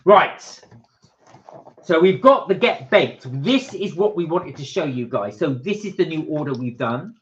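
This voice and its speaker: A man's voice: on the high side, lively intonation, a little slow. Chatty man reading comments. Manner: chatty, reads out viewer comments, jokes. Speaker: co-host of a live stream. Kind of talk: casual live-stream chat reading viewer comments. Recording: dull lo-fi stream audio.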